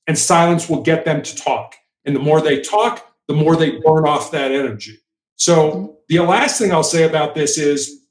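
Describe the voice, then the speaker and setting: Male guest, former negotiator, high-pitched, earnest and animated, roomy echo. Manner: earnest, animated, repeats words when emphatic. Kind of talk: conversational interview.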